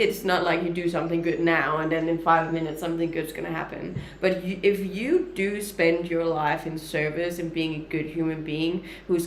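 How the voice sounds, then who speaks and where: A woman's voice: low voice, a little hiss or hum. A woman in her thirties with a mixed Danish, Canadian and Australian accent, chatting upbeat with viewers on a livestream from her kitchen. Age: 30s. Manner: upbeat, chatty, frequent light laughs. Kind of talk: casual livestream chat answering viewer comments. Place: home kitchen.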